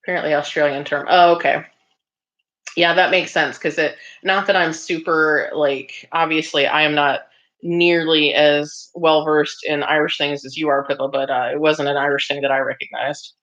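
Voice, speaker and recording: On a slightly dull, lo-fi recording, a woman runs a casual crafting stream, talking back to the comments she reads aloud with frequent laughter and ums. She has a deep, fairly bright voice, a steady tone, and a moderate pace.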